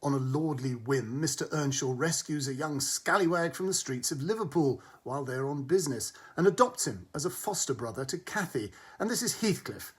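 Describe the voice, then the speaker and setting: Husky-voiced man giving a wry film review. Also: fairly high pitch, lively intonation, normal speed, few pauses. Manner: wry, arch, witty delivery. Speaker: film critic.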